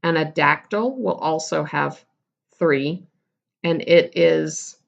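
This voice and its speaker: Gravelly-voiced woman teacher, lo-fi. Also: low voice, slow pace. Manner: casual, explanatory, self-correcting. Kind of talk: recorded classroom lesson.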